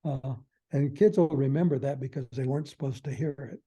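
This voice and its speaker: A man's voice: medium pitch, fairly quick, mellow, slightly rough. An older man, a guest expert on a podcast, explaining in a folksy way and acting out little quoted phrases with chuckles.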